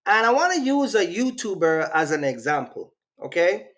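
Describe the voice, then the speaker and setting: A man's voice: high-pitched, big pitch swings, moderate pace, fairly bright tone. A man from Jamaica with a Jamaican accent, hosting a casual livestream in a rambling, slangy way and reacting to his live chat. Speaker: channel host.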